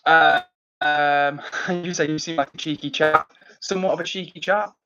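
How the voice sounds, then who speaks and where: A man, from near Manchester, hosting a casual livestream from indoors at home. He reads out chat messages and answers them in a friendly, upbeat way, with plenty of fillers and shout-outs. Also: on the high side, steady tone, moderate pace, muffled recording. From England, near Manchester. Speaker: livestream host reading chat.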